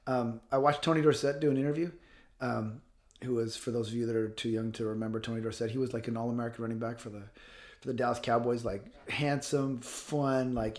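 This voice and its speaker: A man of fifty speaking as an interview guest, blunt and passionate, swearing freely. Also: medium pitch. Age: 50s. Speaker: guest author. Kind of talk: casual interview talk.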